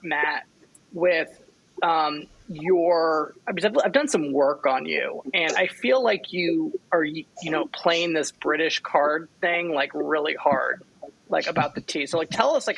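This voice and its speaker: A man's voice: fairly high pitch, creaky, pushed and bright, low-quality recording. Joking, rambling podcast host, a man. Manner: loose, joking, many fillers and restarts. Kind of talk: podcast interview, casual chat.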